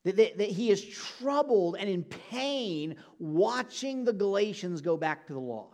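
A man's voice: high-pitched, sing-song, a little slow, darkish tone. A man preaching a sermon, speaking earnestly and directly to his congregation. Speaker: pastor.

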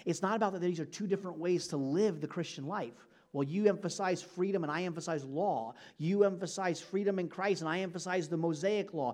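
A man preaching a sermon, speaking earnestly and directly to his congregation. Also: high-pitched. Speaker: pastor.

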